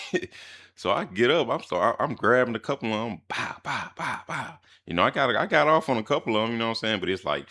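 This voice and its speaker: A young man from Mississippi, telling a personal story in casual, slangy, animated vlog style. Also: lowish voice.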